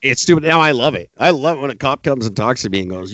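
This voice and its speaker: A man's voice: mid-range voice, expressive, fast, fairly bright tone, no room sound. A man rants sarcastically through a casual podcast chat and now and then mocks people in put-on voices. His voice sounds very dry and close, with a slightly dull, muffled tone. He keeps it loose and conversational. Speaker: podcast co-host.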